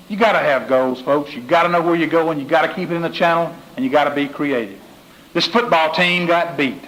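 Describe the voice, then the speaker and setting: A man's voice: on the high side, fairly quick, a bit bright, poor audio. A man giving a motivational speech, telling folksy stories and repeating his key phrases. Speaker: motivational speaker.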